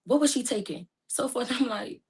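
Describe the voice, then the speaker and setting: A woman recounting a painful personal story in casual, informal speech, her voice rising high and loud when distressed. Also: lively intonation, normal speed, husky. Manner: speaks casually with informal phrasing. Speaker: guest telling her story.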